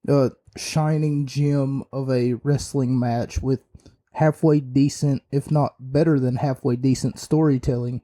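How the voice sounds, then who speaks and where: A man's voice: medium pitch, steady tone, unhurried, warm tone. A man hosting a podcast, giving an opinionated, rambling wrestling review with many fillers and restarts. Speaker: podcast host.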